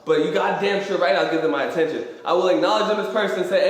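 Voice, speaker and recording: A man's voice: sits high, fast talker, hardly any pauses. A young man hosting a motivational live stream, talking in an emphatic, rambling way and swearing freely. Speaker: host. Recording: very echoey hall.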